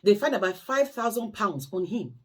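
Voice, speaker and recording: A woman's voice: mid-range voice, very animated, normal speed, darkish tone. A woman carer vlogger telling cautionary stories and pleading emphatically with her audience. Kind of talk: impassioned storytelling monologue.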